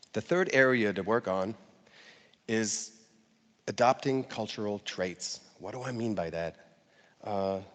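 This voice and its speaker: A man's voice: fairly low pitch, in a large hall. A man giving a conversational talk to an audience, with fillers and light laughter. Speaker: speaker giving a talk on language learning.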